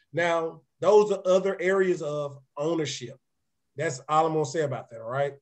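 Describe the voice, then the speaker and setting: A man with a raspy voice gives a live-streamed motivational business presentation, energetic and chatty, often checking in with his listeners. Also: on the high side. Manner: energetic, conversational, often asks "right?"; repeats words and restarts sentences. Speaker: real estate presenter.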